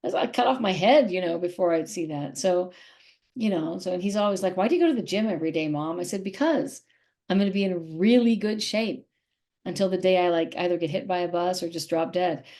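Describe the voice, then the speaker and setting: A woman's voice: on the low side, fairly quick, darkish tone. A middle-aged woman speaking candidly as an interview guest, emotional and rambling, often repeating herself.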